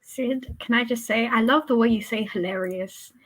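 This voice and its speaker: Co-host, woman with a brighter, higher voice, giggly, stumbles a little. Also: moderate pace, low-quality recording. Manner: warm, giggly, stumbles over words. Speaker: podcast co-host. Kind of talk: casual chat.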